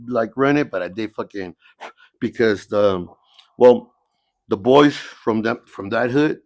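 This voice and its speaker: A man's voice: on the low side, takes it slowly, no room sound. A middle-aged man from the San Diego area, a podcast guest telling stories in casual talk, cursing heavily and often asking "you know what I mean.". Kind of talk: casual storytelling, heavy cursing.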